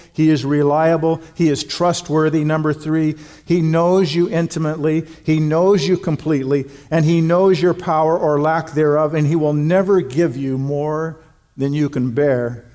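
Earnest man preaching, slightly high voice. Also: dark tone. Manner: earnest, emphatic preaching with slow stressed phrases. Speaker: pastor. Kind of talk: sermon.

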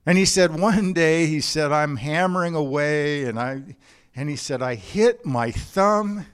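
A man preaching a sermon in a storytelling way. His voice sits a little higher than most men's. He talks in loose, conversational bursts with frequent restarts. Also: measured pace, clean tone. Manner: storytelling with quoted anecdotes, frequent restarts and "you know". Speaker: pastor.

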